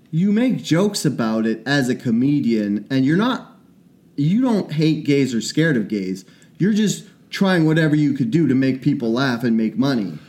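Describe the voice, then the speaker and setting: A man's voice: on the high side, a little mellow. A young man co-hosting a casual podcast, joking and sarcastic. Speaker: podcast co-host. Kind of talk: casual chat.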